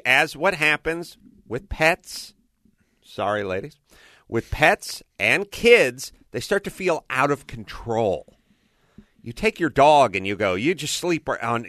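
A man's voice: medium pitch, dry recording, clean studio sound. A man co-hosting a radio talk show, telling stories bluntly and profanely in casual comedic chat. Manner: blunt, profane, animated storyteller. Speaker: radio co-host.

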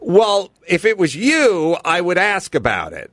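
A man hosting a podcast, chatting casually and reading ads in an animated, profane way. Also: sits high, measured pace, no echo. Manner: animated, swearing, does voices. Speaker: podcast host. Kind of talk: casual comedic chat and ad reads.

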